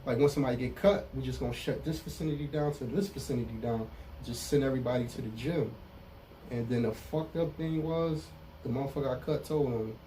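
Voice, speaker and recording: A man's voice: medium pitch, fast, warm tone, far from the mic, slight background noise, rough recording. A middle-aged man speaking candidly as an interview guest in street slang, often saying "you know what I'm saying". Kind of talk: casual interview about prison time.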